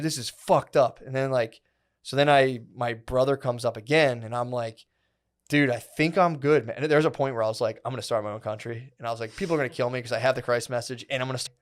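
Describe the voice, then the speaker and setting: A man in his thirties co-hosting a podcast, telling a long rambling story in casual chat, full of "dude" and "like". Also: medium pitch. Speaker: podcast co-host.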